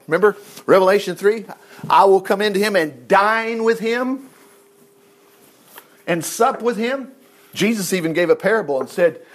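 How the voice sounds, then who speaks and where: A high-pitched male preacher teaching through scripture in a lively, conversational way. He rambles into chatty asides while hunting for verses, then bursts out with praise. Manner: exclaims "praise the Lord". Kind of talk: Bible teaching sermon.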